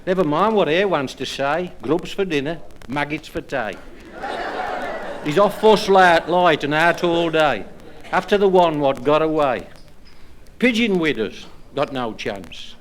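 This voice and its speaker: A man's voice: fairly high pitch, lively intonation, slight background noise. A man with a Black Country accent doing stand-up jokes and rhyming monologues in dry, broad dialect to a live audience. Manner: dry storytelling in broad dialect, slows for rhymed verses. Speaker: stand-up comedian and monologue performer. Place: live club or pub stage with audience.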